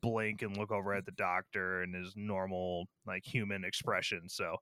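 A man co-hosting a casual movie review podcast, talking in an animated, sarcastic way and swearing freely. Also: low voice, moderate pace, no echo. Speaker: podcast co-host.

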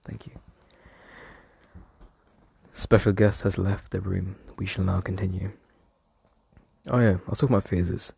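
Husky, gravelly young man rambling. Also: sits low, steady tone, moderate pace, mellow, no echo. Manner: rambling, trails off, self-mocking slang. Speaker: podcast host. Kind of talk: casual rambling monologue. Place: room at home.

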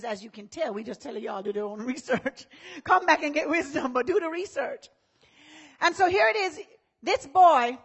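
A woman pastor preaching a sermon in a conversational style, acting out what people say and building up to shouts. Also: on the high side, slightly rough.

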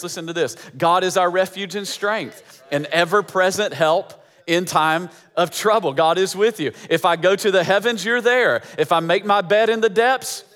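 A man's voice: sits high, fairly bright tone, in a large hall. A man preaching as pastor, emphatic and repeating phrases for effect. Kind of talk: sermon.

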